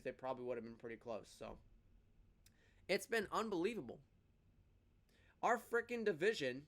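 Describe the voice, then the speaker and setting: A man with a slightly high voice hosts his own casual fan show, recapping games and sharing opinions. He sounds excitable, rattling through stats with big rises and dips in energy.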